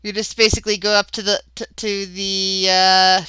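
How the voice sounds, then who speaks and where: Bright, crisp woman running a tabletop game. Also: mid-range voice, level tone, no echo. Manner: halting, with many fillers and restarts. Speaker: game master.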